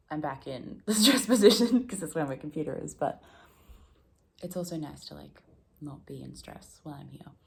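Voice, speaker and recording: Her low-pitched, gravelly voice carries a casual, reflective vlog recorded in a room at home. The woman rambles, makes fun of herself, and laughs frequently.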